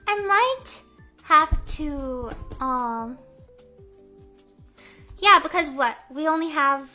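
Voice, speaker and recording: Young woman streamer, high and sharp-toned, Valley-girl rambling with lots of "um" and "like". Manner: rambling, filler-heavy, Valley-girl talk; stammering, repeating phrases. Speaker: VTuber streamer. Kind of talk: casual livestream chat.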